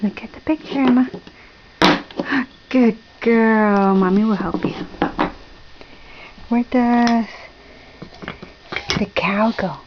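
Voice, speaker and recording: A mother coaching her small daughter through a puzzle at home, with slow, sing-song praise that drops to whispers. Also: on the high side. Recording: dull lo-fi home video with faint noise.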